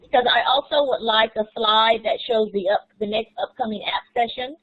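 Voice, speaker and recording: A woman's voice: a little high, steady tone, moderate pace, dry recording. A woman teacher leading a staff planning meeting over a video call, upbeat and playful, thinking aloud with fillers. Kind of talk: casual planning chat. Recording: dull muffled call audio.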